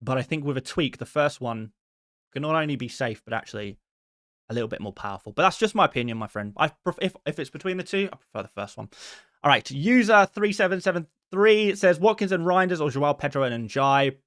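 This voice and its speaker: A man hosting a casual live stream in a friendly, quick way, reading out viewer messages and answering each one. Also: a little high, lively intonation, fairly bright tone, dry recording, studio quality. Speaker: host answering viewer questions.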